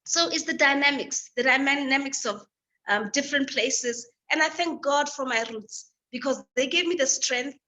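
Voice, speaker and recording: A woman from Africa, a guest, telling a personal story in an animated, lively way over a video call. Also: sits high, normal speed. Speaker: guest speaker.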